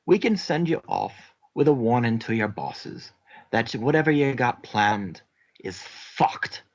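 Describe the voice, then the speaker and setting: A man voicing a gruff male mercenary interrogator with a put-on Scottish accent, threatening and calling people lad. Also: mid-range voice, sing-song, unhurried, lo-fi sound.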